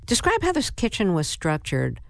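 A woman hosting a radio interview, speaking in a deliberate, measured way with halting pauses. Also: lowish voice, huge pitch swings, creaky, no echo. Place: radio studio. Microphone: studio microphone.

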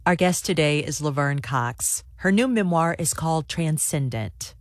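A woman hosts a radio interview in a low, even-toned voice. She asks her questions in a measured, composed way. The recording is dry and close, with no room echo. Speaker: radio host.

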